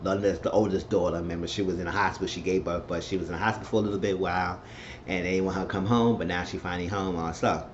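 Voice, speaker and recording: A man talks through a TV episode recap in a loose, rambling way, padding it with filler phrases. His voice sits low. The recording sounds dull and lo-fi, with a faint hiss behind him. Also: fairly even intonation, racing. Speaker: TV recap reviewer.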